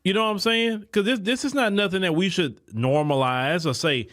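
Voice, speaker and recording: Man, podcast host, indignant commentary, fairly high-pitched voice. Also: moderate pace, few pauses. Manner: animated, indignant, repeats words when heated. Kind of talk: political commentary monologue.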